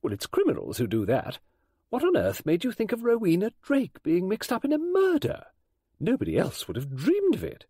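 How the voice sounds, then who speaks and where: A man voicing a bossy middle-aged woman crime novelist, speaking in a brisk, insistent, severe way in an audiobook. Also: high-pitched, wildly swooping pitch, dark tone, husky, no echo, studio quality, voice pushed up, full character voice. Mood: curious. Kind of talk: audiobook character voice.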